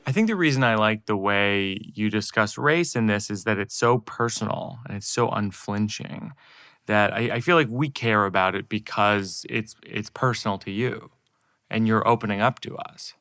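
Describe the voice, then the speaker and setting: A man from suburban Massachusetts who hosts a podcast, talking casually in a halting way with many restarts. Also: on the low side, pushed and bright, smooth, no room sound, clean studio sound. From Massachusetts suburbs, USA. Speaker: podcast host. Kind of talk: casual interview talk.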